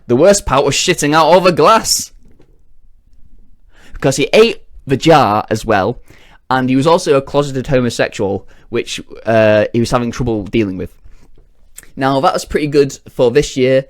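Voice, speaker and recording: Crude, rambling joke-teller. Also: male voice, medium pitch, lively intonation, normal speed, no room sound, studio quality. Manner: rambling, crude, self-interrupting. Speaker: comedian. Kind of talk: rambling comic joke-telling.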